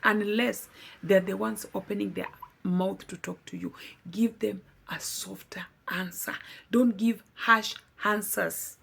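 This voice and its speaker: A woman's voice: mid-range voice, steady tone, takes it slowly, creaky, a bit bright, breathy edge. A young adult woman vlogger giving a heartfelt personal testimony, earnest and pleading, repeating words for emphasis.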